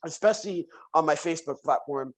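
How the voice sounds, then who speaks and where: A man guesting on a podcast, chatting casually as an animated storyteller who repeats phrases for emphasis. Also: fairly high pitch, fairly quick, low-quality recording. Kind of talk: casual conversation.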